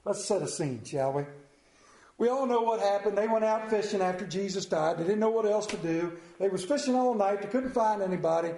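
Emphatic preacher with a high voice. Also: male voice, a little fast, dark tone. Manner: emphatic, storytelling, repeats words for effect. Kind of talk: sermon. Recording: echoey room.

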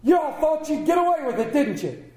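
A man playing a grieving old widower who speaks haltingly and tenderly to his late wife, later turning gruff and rousing. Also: a little high, dark tone, reverberant, lightly acted, low-quality recording.

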